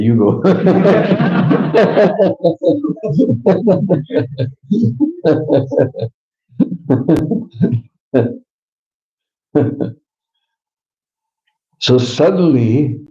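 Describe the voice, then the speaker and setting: This devotional speaker has a mellow, medium-pitched voice. Chuckling as he goes, he relates a devotional story conversationally, dropping in quizzical "hmm?" asides. The live recording is roomy and a bit dull.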